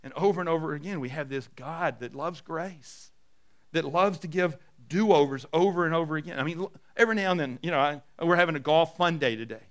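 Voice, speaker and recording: Preaching at a fairly quick clip, this middle-aged male pastor tells stories through his sermon. For quoted lines, he drops into a soft, low register.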